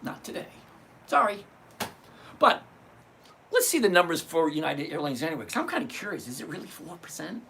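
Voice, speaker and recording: This sixty-something livestream trading host chats casually, cracking jokes and cursing while walking through numbers step by step in a teaching style. His slightly high voice swings widely in pitch, moves quickly, and sounds pushed and bright with vocal fry. There's slight background noise.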